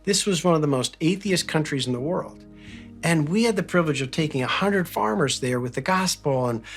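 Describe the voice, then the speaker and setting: A man from Philadelphia speaks in a slightly higher than usual register, delivering a motivational talk. He tells a personal story earnestly and leans hard on his key phrases. Soft music plays quietly behind him. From Philadelphia, United States.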